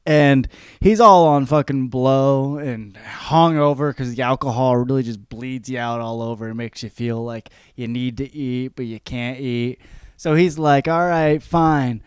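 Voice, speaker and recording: A man's voice: mid-range voice, fairly even intonation, unhurried, clean tone, no echo. A young man hosting a podcast and ranting for laughs, profane and rambling, often breaking into mocking voices. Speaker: podcast host. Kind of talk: comedic rant.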